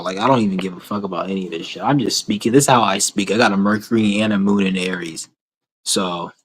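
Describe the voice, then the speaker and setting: A man's voice: on the low side, a bit bright, rough recording. A man ranting to his camera in a blunt, rambling, heavily profane way, repeating himself as he goes. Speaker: vlogger.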